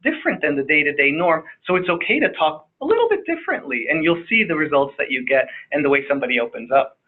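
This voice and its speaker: A psychiatrist speaking emphatically as a guest, often repeating words and tagging on "right?". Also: male voice, fairly high pitch, big pitch swings, quick pace. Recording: phone-quality audio.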